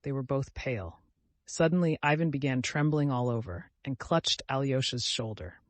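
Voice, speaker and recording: A male narrator reads a classic novel aloud for an audiobook, measured and steady in his storytelling. His voice sits in the mid range, and there's no room sound.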